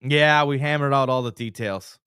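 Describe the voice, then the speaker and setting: His clean, mid-range voice moves at a moderate pace as he co-hosts a casual sports podcast, acting out quotes in his lively stories. The studio sound is clean with no echo.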